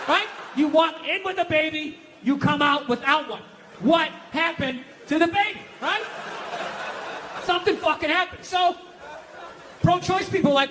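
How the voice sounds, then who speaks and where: Loud high-pitched ranting stand-up comic. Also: male voice, normal speed, background noise. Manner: loud ranting, swings from shouting to low mutter. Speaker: stand-up comedian. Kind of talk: stand-up routine. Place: comedy club stage.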